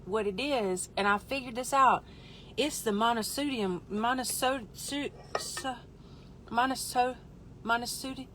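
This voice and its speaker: A woman hosting a live stream, telling a comic story in an animated, exaggerated way with voiced asides. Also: on the high side, a little hiss or hum. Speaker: livestream host.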